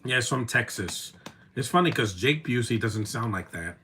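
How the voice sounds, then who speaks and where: A man's voice: mid-range voice, lively intonation, moderate pace, sharp tone, slight background noise. A man in his thirties giving casual, opinionated live commentary while watching a movie, rambling with restarts and fillers.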